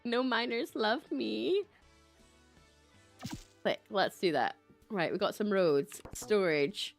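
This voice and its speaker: A woman's voice: medium pitch, slow pace, creaky, faint music behind. A woman with a Scottish accent giving casual, chatty livestream commentary over a game, reading and joking at herself. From Scotland. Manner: chatty, self-mocking, laughs often.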